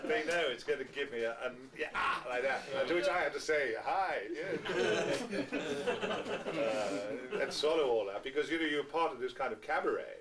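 A man's voice: mid-range voice, animated, normal speed, crowd noise. A man in his sixties, a guest actor, telling wry, self-mocking anecdotes to fans in a theatrical way. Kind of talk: anecdotal storytelling. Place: small packed venue, indoors. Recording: distant amateur recording with faint hiss.

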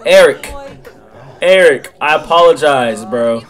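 Excitable young man reacting to a game. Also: a little high, takes it slowly. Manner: excitable, slangy, loud outbursts. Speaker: gaming creator. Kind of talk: live game commentary.

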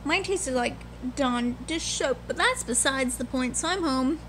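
High-voiced chatty woman vlogger. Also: expressive, unhurried, a bit bright, slight background noise. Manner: chatty, candid, rambling. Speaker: book vlogger. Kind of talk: casual vlog chat.

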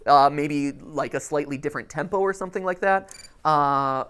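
A woman giving live, jokey commentary while playing a game, reacting out loud and cheering at wins. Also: low-pitched, moderate pace, clear, resonant tone. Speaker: game streamer.

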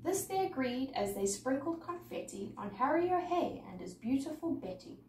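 A woman's voice: high-pitched, normal speed. Woman reading a rhyming storybook, echoey. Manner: lively, sing-song rhythm. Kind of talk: reading a rhyming picture book aloud. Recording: echoey room, mic far off, faint noise.

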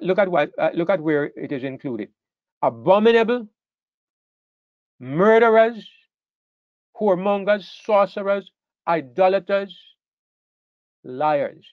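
A man's voice: mid-range voice, no room sound, muffled recording. A man preaching a sermon, emphatic, stressing key words and often repeating himself as he restarts phrases.

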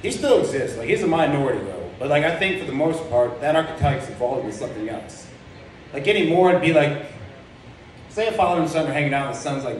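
A man's voice: fairly high pitch, lively intonation, fast talker, slight background noise. A young man doing a stand-up comedy set, rambling and crude, full of fillers and self-deprecating asides. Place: comedy club stage. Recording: very echoey club room heard from far off.

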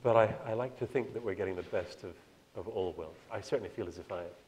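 Low-voiced man with a plummy British accent. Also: a little mellow. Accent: British, Cambridge-educated. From Ireland. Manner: measured, hesitant, self-deprecating. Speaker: panelist. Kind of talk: panel discussion.

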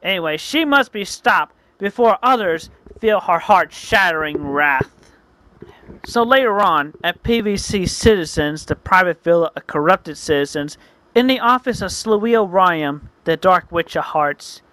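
A man's voice: high-pitched, expressive, measured pace, sharp tone, no echo, rough recording. A man earnestly narrating his own comic as a story, often correcting himself mid-sentence. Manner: earnest, frequent self-corrections.

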